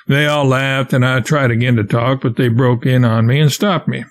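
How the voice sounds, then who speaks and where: A man narrating an audiobook of a classic novel in a steady, plain storytelling way. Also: mid-range voice, moderate pace, few pauses.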